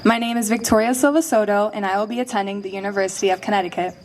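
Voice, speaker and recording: A woman's voice: medium pitch, steady tone, very fast, a little hiss or hum. A young woman in her late teens giving a prepared, personal speech as a graduating student, heartfelt and earnest. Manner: heartfelt, earnest, a little emotional.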